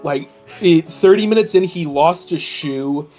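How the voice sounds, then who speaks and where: A person in casual chat on a group call, telling a wild dream as an excited, laughing story with quick impressions. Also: mid-range voice, faint music behind. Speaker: game creator.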